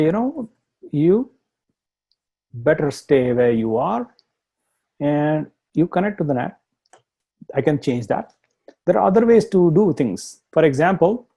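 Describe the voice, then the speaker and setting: A man's voice: a little high, warm tone, slightly rough. A man with an Indian accent teaching a live online tech lesson, explaining step by step, repeating points and laughing at himself. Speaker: instructor.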